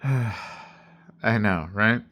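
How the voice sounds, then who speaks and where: A man's voice: on the low side, extremely slow, bright, forceful tone. A man telling a story in a casual vlog, intense and heavy on swearing, often checking in with "right?" and "you know". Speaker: delivery driver telling a story.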